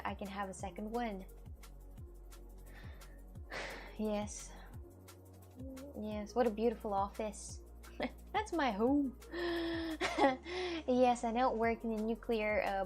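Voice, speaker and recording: Chatty woman streamer with a gravelly edge. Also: mid-range voice. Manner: chatty and playful, laughs often, greets viewers warmly. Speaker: live streamer. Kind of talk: casual livestream chat, reading viewer messages aloud. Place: at home.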